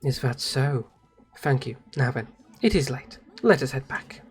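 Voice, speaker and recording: A streamer voicing a cold, possessive young woman officer from a game, hushed and icily polite. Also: lively intonation, measured pace, faint music behind. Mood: reserved. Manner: low, hushed and icily polite, sometimes whispered. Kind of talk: reading game dialogue aloud on a livestream.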